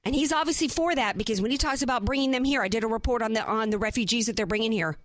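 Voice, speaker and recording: A woman's voice: on the high side, racing, no room sound, studio quality. Impassioned woman radio host. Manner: impassioned, emphatic, rhetorical questions. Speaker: radio talk show host. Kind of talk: opinionated talk radio monologue. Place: radio studio.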